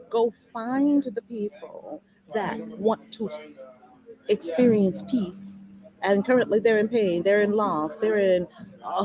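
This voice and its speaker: A woman's voice: mid-range voice, rough recording. A woman acting as spiritual teacher, giving a live, heartfelt and chatty talk and prayer reading into a laptop's built-in mic. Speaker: spiritual teacher leading a daily lesson.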